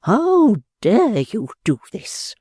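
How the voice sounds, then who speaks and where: A reader voicing a proud, touchy elderly gentleman, pompous and slow, stalling on "ah" between stern phrases in a storybook reading. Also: mid-range voice, wildly swooping pitch, husky, dry recording, clean studio sound, pitched above the performer's own voice, heavily acted. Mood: furious. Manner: pompous, hesitant "ah" fillers, slow stern speech.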